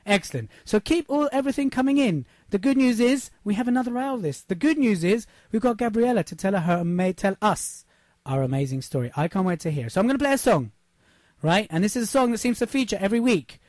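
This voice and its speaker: Brief: high-pitched male radio host, punchy motivational delivery, very dry close studio sound. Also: big pitch swings, fast talker, a little mellow, dry recording. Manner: emphatic, repeats points, asks "yes?". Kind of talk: upbeat motivational radio talk. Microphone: studio microphone.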